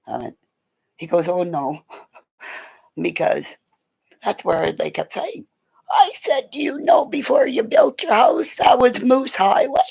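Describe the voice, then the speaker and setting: A middle-aged woman on a livestream tells rambling stories about animals, excitable, laughing, swearing, and jumping from one story to the next. Her voice sits low and is gravelly and slightly rough, and the recording is rough.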